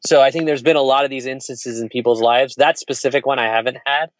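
A man and entrepreneur telling candid stories in casual conversation, frank and animated, acting out quoted voices. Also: mid-range voice, quick pace, no room sound, highs cut off.

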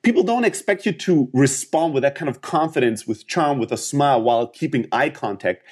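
This sales coach and startup founder, a Greek man in his thirties, speaks with a Greek accent in a mid-range voice that's expressive, a little mellow and slightly rough. His motivational sales talk moves fairly quickly, full of emphasis, frequent restarts and acted-out dialogue.

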